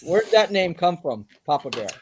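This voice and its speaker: A man's voice: high-pitched, sing-song, moderate pace, a little mellow, slight background noise. A man co-hosting a podcast, asking short casual questions. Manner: brief interjections and questions. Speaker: podcast co-host. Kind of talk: casual interview chat.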